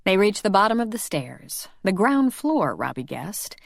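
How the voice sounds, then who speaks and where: A woman narrating a paranormal romance audiobook in a measured, even storytelling manner. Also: medium pitch, gravelly, dry recording, clean studio sound. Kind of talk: scripted narration.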